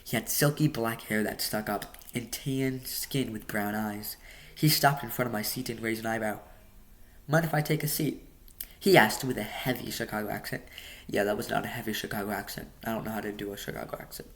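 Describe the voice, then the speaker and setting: A man's voice: fairly low pitch, steady tone, a little fast. A man reading his novel aloud casually, stumbling and adding joking asides. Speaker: audiobook reader.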